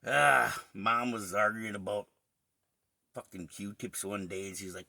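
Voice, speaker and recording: Brief: crude, profane male co-host, fry-laced and sharp-toned, dry close sound. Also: on the low side, measured pace, no echo. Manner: crude, profane, laughing storyteller. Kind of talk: casual chat.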